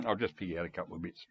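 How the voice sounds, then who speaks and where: An Australian man in his seventies, rambling chattily with chuckles and throat-clearing in a lo-fi home recording. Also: low voice, a little hiss or hum. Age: 70s. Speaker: music collector video host. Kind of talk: casual rambling monologue to camera.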